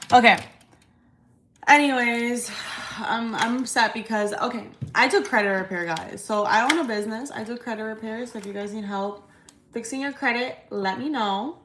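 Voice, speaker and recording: A woman's voice: on the high side, normal speed, a bit bright, a little hiss or hum. A woman talking to viewers on a casual livestream, venting in a blunt, emphatic way with plenty of swearing. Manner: blunt, profane, emphatic ranting. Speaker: livestream host, credit repair business owner. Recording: roomy echo.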